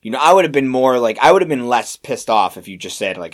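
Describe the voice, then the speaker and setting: A young man co-hosting a podcast, telling work stories in a rambling, animated way with lots of fillers and restarts. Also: mid-range voice, fast. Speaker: podcast co-host. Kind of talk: casual storytelling chat.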